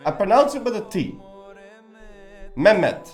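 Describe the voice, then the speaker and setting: Lively, rambling man streaming a game. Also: sits high, slow, long pauses, faint music behind. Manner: rambling, joking, swears freely. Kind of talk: casual live-stream chat.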